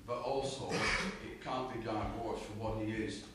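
A man explaining a point in a Bible study discussion in a measured way, stressing key words. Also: on the low side, steady tone, very noisy. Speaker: Bible reading participant. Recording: distant mic in a very echoey room.

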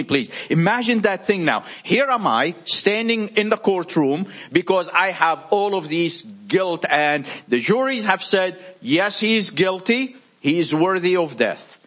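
Higher-voiced man teaching the Bible casually. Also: a bit bright, husky. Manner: conversational, uses everyday examples.

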